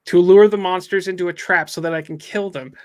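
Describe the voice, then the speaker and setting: A man's voice: sits high, fairly even intonation, brisk, a little mellow, lightly acted. A man voicing a blunt young female monster hunter in a plain, matter-of-fact way. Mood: flat.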